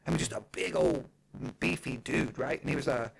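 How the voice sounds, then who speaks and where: Gravelly, lively-voiced man telling stories. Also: mid-range voice, a little fast, low-quality recording. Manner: profane, animated storyteller. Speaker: jiu-jitsu coach. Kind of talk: casual podcast chat.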